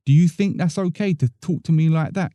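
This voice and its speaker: A prim female supervisor, put on by a male storyteller, talks in clipped, accusing sentences. The voice is deep in warmth and very mellow, sitting slightly high. The sound is dry and close, with no room around it. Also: brisk, no echo, natural voice. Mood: stern accusing.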